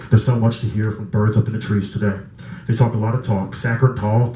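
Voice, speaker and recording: A man's voice: lowish voice, dark tone, roomy sound, low-quality recording. A man performing spoken word poetry at an open mic, with a repetitive, incantatory chanting delivery and occasional casual asides. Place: small live music venue, indoors.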